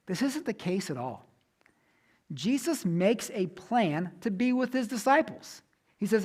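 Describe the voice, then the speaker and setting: A man with a notably high voice delivers a sermon. He speaks as a pastor in his thirties, earnest and conversational, and he often repeats phrases for emphasis. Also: lively intonation, measured pace, a little mellow.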